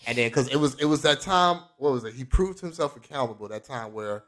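Animated young man telling a story. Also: brisk. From Florida. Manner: animated storyteller, acts out quoted lines with big pitch jumps, laughs often. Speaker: podcast co-host. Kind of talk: casual storytelling chat.

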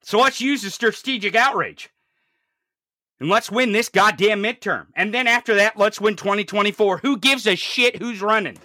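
A commentator delivering an angry, profanity-heavy political rant, swinging from low growls to shouts. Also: normal speed, no echo, studio quality.

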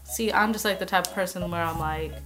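A woman co-hosting a podcast in casual chat, laid-back and candid with an even tone. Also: lowish voice, fairly quick, soft background music. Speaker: podcast co-host.

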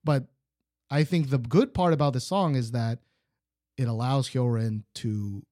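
A man chatting casually as he reviews a song, opinionated and meandering, full of "like" and "kinda." His voice sits at a middle pitch and is recorded close and dry, with no room sound. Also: a little slow, mellow, dry recording. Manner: rambling, opinionated, frequent fillers. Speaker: podcast co-host. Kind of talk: casual music review chat.

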